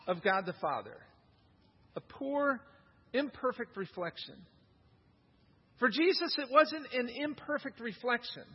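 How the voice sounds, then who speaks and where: A middle-aged man preaching a sermon to a congregation, emphatic and animated, often repeating words as he builds a point. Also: extremely high pitch, breathy edge. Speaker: pastor. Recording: dull, reverberant hall recording.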